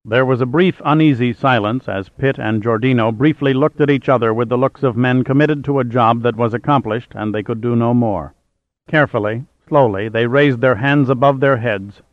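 A man reading a thriller audiobook aloud in steady, even storytelling narration. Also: medium pitch, dry recording. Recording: tinny phone-like sound.

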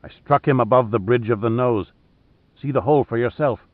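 A man reading the part of a calm male sniper who replies in flat, factual statements. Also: medium pitch, fairly quick, no room sound, narrow, tinny audio, lightly acted. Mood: matter-of-fact.

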